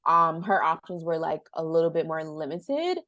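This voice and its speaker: A woman's voice: deep voice, expressive, normal speed, pushed and bright, dry recording. A young woman hosting a podcast who talks in a casual, rambling way, searching for words with many fillers. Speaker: podcast host. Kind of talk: casual interview chat.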